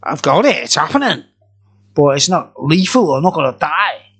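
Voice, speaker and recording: Husky rambling man. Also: on the high side, sing-song, moderate pace, a bit bright. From England. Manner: rambling, jokey and profane. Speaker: beer reviewer. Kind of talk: casual chat.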